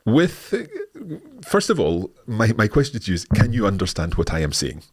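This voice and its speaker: A man's voice: on the low side, very animated, moderate pace, husky. A man with a Scottish accent hosting a language course, answering viewer questions live in a friendly, explanatory way with frequent restarts.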